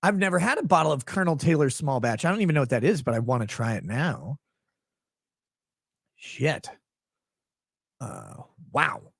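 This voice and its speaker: Young man, fairly high voice, rambling crude jokes, dry close mic. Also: sing-song, normal speed, creaky, long pauses, husky, no room sound. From Minnesota. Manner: rambling, crude and joking, with frequent fillers. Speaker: livestream host. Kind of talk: casual livestream chat reading super chats.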